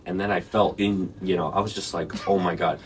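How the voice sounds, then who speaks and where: A man's voice: low voice, steady tone, brisk, far from the mic. A man co-hosting a podcast, telling a story in casual chat, swearing, laughing and acting out the people he quotes. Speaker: podcast co-host.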